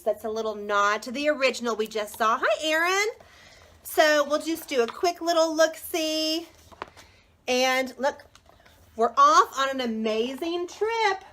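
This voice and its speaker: Woman, 30s, live-video book seller. High, very animated, gushing, chats with viewers by name. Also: measured pace. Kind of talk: chatty live product showcase.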